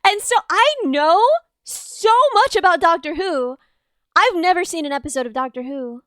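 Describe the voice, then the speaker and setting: A young woman hosting a casual chat, playful and laughing, often trailing off softly. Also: extremely high pitch, animated, moderate pace, no echo, clean studio sound. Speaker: streamer host.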